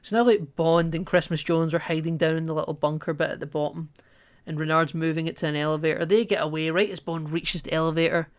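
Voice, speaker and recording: A man's voice: on the high side, steady tone, quick pace, smooth, no room sound. Dry-sounding man recapping a film. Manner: rambling plot retelling. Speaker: podcast co-host. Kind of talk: casual film recap chat.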